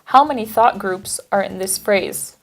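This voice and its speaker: A woman narrates a language lesson in a clear, explanatory, evenly paced way. Her voice sits at an ordinary middle pitch, with soft background music under it. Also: unhurried. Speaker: teacher and narrator.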